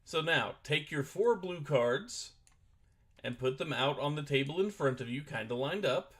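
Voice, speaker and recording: On the high side and slightly rough, this man's animated voice moves unhurriedly. During a casual gaming stream, he explains the rules of a board game as he sets it up, thinking aloud hesitantly, with a desk microphone at his computer picking him up.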